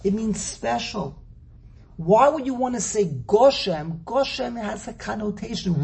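Gravelly man running a slow, playful classroom lecture; husky edge. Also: sits high. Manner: slow, animated, teasing, repeats words while thinking. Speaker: Torah teacher. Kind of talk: classroom lecture on Hebrew grammar and verses.

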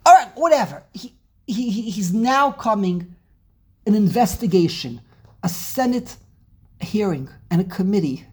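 A woman leads an animated Torah class with a husky, slightly breathy tone. She speaks emphatically and dramatically, posing rhetorical questions and often restarting her sentences. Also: medium pitch, unhurried. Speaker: Torah teacher.

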